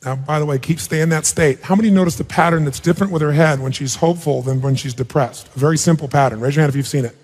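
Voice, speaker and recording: A man coaching a participant on stage at a live seminar, firing rapid, blunt and sometimes profane questions at her and the crowd. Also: a little high, darkish tone. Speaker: self-help speaker coaching a participant on stage. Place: large auditorium. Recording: long reverb of a big hall.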